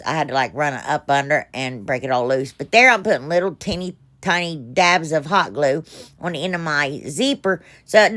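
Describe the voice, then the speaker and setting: A middle-aged woman with a drawl talks through her craft project in a fairly low voice. She rambles, pokes fun at herself and scatters fillers as she goes. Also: a bit bright. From United States. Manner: rambling, self-deprecating, chatty with fillers. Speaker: craft channel host. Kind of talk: casual crafting voice-over.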